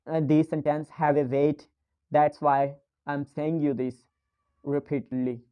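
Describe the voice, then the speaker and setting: A young man giving an earnest, repetitive motivational talk to a phone camera, coaching viewers in non-native English. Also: a little high.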